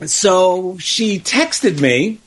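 A man co-hosting an online radio talk show, telling stories in an upbeat, expressive way. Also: sits high, drawn-out words, husky. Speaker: radio co-host. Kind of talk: casual radio chat.

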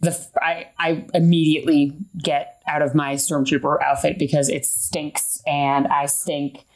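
A woman with a low voice chats as a player at a tabletop game. She speaks casually, with easy laughs between her lines. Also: level tone, unhurried, a little mellow.

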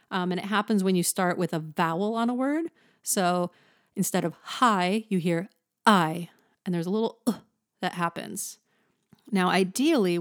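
A woman's voice: medium pitch, a little mellow, dry recording, studio quality. A woman from Southern California with a touch of a Valley accent, teaching singing and demonstrating sounds with her voice. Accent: Valley girl. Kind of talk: vocal lesson.

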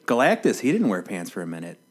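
Young male co-host, low voice, jokey, loose conversational delivery. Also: huge pitch swings, slightly rough. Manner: laughs often, quick jokes. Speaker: podcast co-host. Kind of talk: casual chat.

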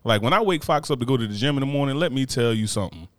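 A man's voice: mid-range voice, racing, no echo. Profane joking man, dry close sound. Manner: animated, profane, laughing asides. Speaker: podcast co-host. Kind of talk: casual banter.

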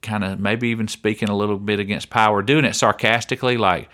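A man's voice: on the low side, fairly even intonation, fast, bright, forceful tone. A man co-hosting a casual podcast, chatty and leading the talk, often calling his co-host by name. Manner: chatty, keeps saying his co-host's name.

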